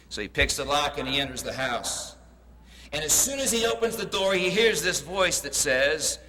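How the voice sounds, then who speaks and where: A man's voice: a little high, sharp tone. A man giving a graduation ceremony address in an emphatic, preacher-like cadence and telling a story, speaking into a podium mic over a PA in a large hall. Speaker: commencement speaker. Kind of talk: preachy ceremony speech with a joke.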